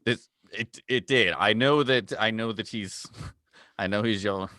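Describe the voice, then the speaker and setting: A man's voice: on the low side, unhurried, bright, forceful tone, no echo, studio quality. A man putting on a cheery globetrotting male travel guide, calling everyone mate. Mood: chummy. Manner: chummy, calls everyone mate.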